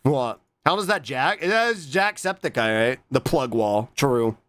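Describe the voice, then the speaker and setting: Casual live streamer, unhurried and lively in pitch, swears easily, thanks viewers, jumps to squeals. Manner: playful, swears casually, reads chat aloud and thanks viewers; jumps to squeaky high exclamations. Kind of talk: casual live-stream chat reacting to clips.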